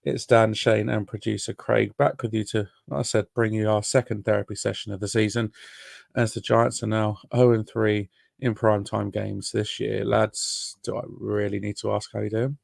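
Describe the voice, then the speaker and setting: A man hosting a casual sports podcast, rambling and joking in a relaxed way. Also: lowish voice, moderate pace, vocal fry, no echo. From Britain. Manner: relaxed, rambling, mock-formal apologies. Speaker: podcast host.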